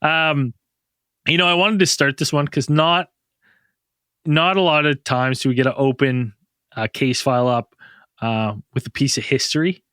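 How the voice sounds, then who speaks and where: A man's voice: mid-range voice, fairly even intonation, moderate pace, pauses often, bright, forceful tone, smooth, no room sound, clean studio sound. A man hosting a podcast in casual chat, laid-back and joking, laughing easily. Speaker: podcast host.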